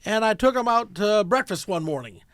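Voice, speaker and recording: A man's voice: high voice, expressive, fairly quick, fairly bright tone, dry recording. A man hosting a casual interview, telling chatty personal anecdotes. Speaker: interview host.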